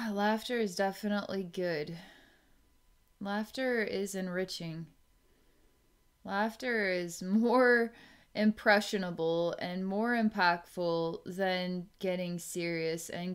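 A woman psychic giving an energy reading, musing aloud in a halting way and restarting her sentences as she goes. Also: fairly low pitch, clean tone. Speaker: psychic reader.

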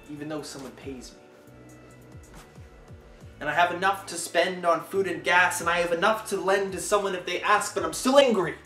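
Guy doing spoken word poetry, intense, loud then quiet, echoey room. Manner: intense, swinging between loud outbursts and quiet low lines.

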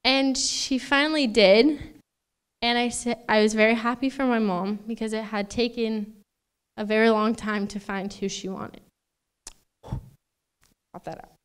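A woman's voice: a little high, fairly even intonation, measured pace, pauses often, clear, resonant tone. A young woman giving a maid of honor toast at a wedding reception, chatty and emotional, laughing often between fillers.

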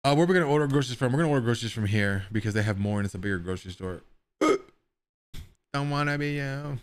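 A man's voice: fairly low pitch, fairly even intonation, rapid-fire. A man streaming live, chatting casually with his viewers in a rambling way and swearing now and then.

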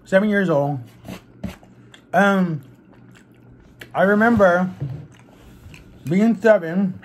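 A young man telling a personal story casually to camera while eating, animated and chatty. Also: sits high, very slow, slight background noise. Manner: chatty, animated retelling with quoted voices. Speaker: vlogger.

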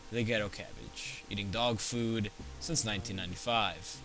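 A man's voice: fairly low pitch, fairly even intonation, measured pace. A teenage boy hosting his own gaming video, joking and rambling through stories as he plays. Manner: goofy, joking, rambling storyteller. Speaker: gaming channel host. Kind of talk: gameplay commentary. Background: game music.

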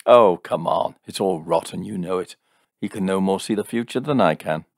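A man's voice: low voice, normal speed, creaky, no echo, clean studio sound. A man reading a story, voicing a defiant, argumentative young woman who believes in psychics. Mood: insistent. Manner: argumentative, sarcastic.

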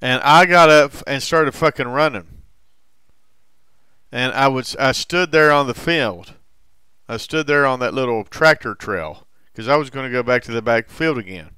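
A man in recovery telling a personal story in a halting way, with frequent restarts and heavy swearing. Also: medium pitch, sharp tone, smooth, no echo. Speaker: recovering alcoholic sharing his story.

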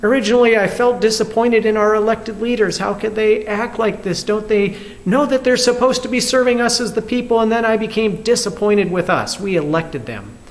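A man's voice: high voice, moderate pace. A pastor from the United States giving a candid, reflective video sermon and asking his listeners questions. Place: church.

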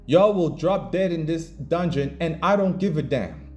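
A man with a slightly high, mellow voice tears into his critics in an angry commentary rant. He is combative and mocking, with faint music playing underneath. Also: lively intonation, normal speed, hardly any pauses. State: pissed off. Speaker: independent comic creator and commentator.

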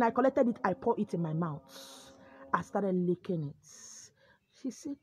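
A woman with a Nigerian accent telling a comic first-person story, dramatic and lively. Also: medium pitch, normal speed. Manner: dramatic, lively, code-switching.

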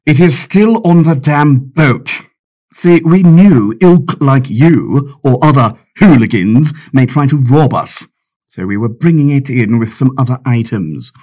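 A man's voice: medium pitch, expressive, unhurried, darkish tone, pitched above the performer's own voice. A man voicing a weary, dry navy captain in an audiobook, exasperated and lecturing. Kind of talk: audiobook character voice.

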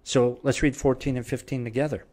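A man's voice: medium pitch, level tone, fairly quick, darkish tone. Middle-aged male preacher, mid-range voice, emphatic and repetitive sermon delivery. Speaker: preacher and Bible teacher. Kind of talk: verse-by-verse sermon.

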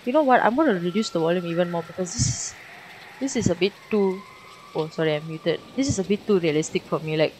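A woman's voice: on the low side, fast talker, darkish tone, a little hiss or hum, low-quality recording. A young woman, swearing and nervously chatting through a horror game. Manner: jumpy, swearing, slangy banter. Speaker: gamer.

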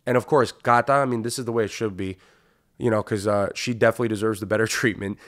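A man hosting a podcast, telling a long story in a casual, profane, animated way and acting out what people said. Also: fairly low pitch, fast talker. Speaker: podcast host.

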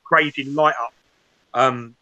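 A man's voice: medium pitch, fairly even intonation, slow pace, pushed and bright, no room sound, lo-fi sound. A man co-hosting a casual chat about collectibles, enthusiastic and fond of tag questions.

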